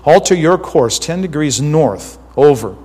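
A preacher doing a calm, steady coast guard seaman. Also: a little high, measured pace, slightly rough, in a large hall.

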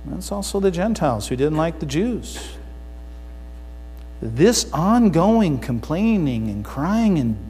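A male pastor giving a sermon, emphatic and swinging between loud declarations and quiet asides. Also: mid-range voice. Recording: long hall reverb with mains hum.

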